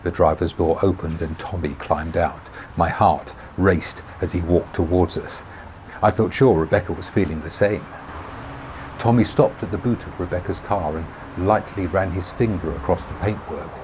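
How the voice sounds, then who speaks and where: A man reading his own novel aloud as a first-person audiobook, measured and dry. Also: low-pitched, steady tone, darkish tone, slight background noise.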